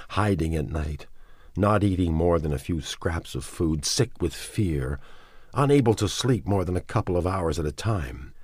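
Male reader doing a distraught young woman survivor, husky, pleading and bitter. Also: sits low, darkish tone, dry recording, studio quality. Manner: pleading, bitter, near tears.

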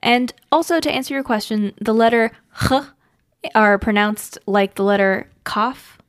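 A woman co-hosting a podcast, reading a listener's email aloud in casual chat, with dry, brief replies and halting reading. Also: fairly high pitch, no echo. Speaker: podcast co-host.

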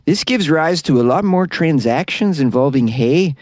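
A man's voice: on the high side, expressive, darkish tone, dry recording, studio quality, lightly acted. A man voicing a gullible, cheerful Canadian in an exaggerated mock Canadian accent, ending his sentences with "eh". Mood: mock-earnest. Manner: tags sentences with a drawn-out "eh", sing-song.

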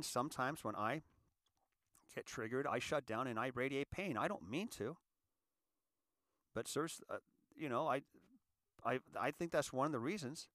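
A man of sixty from California, hosting a show and telling his story in an earnest, halting monologue that often repeats words. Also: mid-range voice, a bit bright, dry recording. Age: 60s. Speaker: show host. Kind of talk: confessional monologue.

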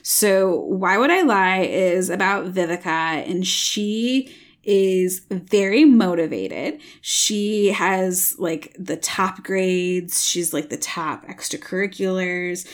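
Young female podcast co-host, chatty, filler-heavy, animated intonation. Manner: chatty, many "like" fillers, lively pitch swings. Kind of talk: casual book chat.

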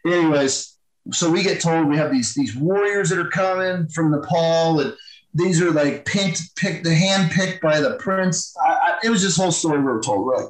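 His voice is a little high, at a moderate pace, captured in a roomy space on a rough recording. A former Marine, he tells war stories as a podcast guest in a casual storytelling interview, speaking bluntly and profanely while acting out quoted banter.

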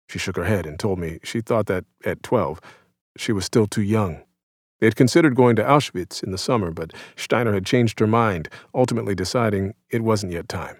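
A man in his thirties from the United States reads his own essay aloud in a low, even voice, measured and somber, with quiet reflection. The scripted narration is recorded dry and close, with no room sound.

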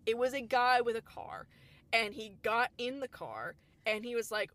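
A woman's voice: a little high, moderate pace. A young woman in her twenties co-hosting a casual chat, telling a story and acting out the people in it. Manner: animated, acts out quoted people with laughs. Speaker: podcast co-host.

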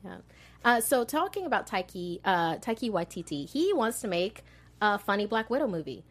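A woman's voice: mid-range voice, sing-song, moderate pace. A woman hosting a casual movie news chat, bubbly and giggly as she talks. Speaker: host.

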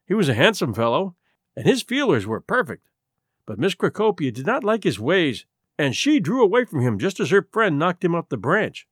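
A man reading a classic story aloud as host of a podcast, expressive and gentle. His pitch sits a little high and moves a lot. The sound is dry and close to the mic. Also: moderate pace, slightly rough, no room sound. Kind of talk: storybook narration.

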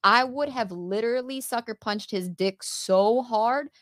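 A woman from New York co-hosting a podcast in casual chat, blunt and expressive. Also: a little high, measured pace, no echo, clean studio sound. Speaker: podcast co-host.

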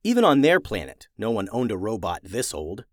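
Expressive male storyteller. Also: on the low side, fairly quick, no room sound, clean studio sound. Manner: expressive, animated. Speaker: narrator. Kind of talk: storybook reading.

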